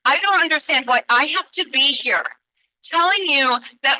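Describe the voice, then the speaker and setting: A woman's voice: sits high, lively intonation, normal speed, bright, forceful tone, no room sound, rough recording. A woman giving public comment as a parent at a meeting, speaking urgently and confrontationally into a meeting microphone. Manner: urgent, confrontational, pointed questions. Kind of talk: impassioned public testimony.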